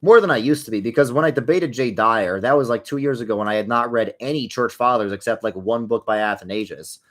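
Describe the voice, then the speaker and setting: A man's voice: mid-range voice, fast talker. A young man hosting a casual livestream, answering viewer questions while he plays a game, rambling along with wry, sarcastic asides.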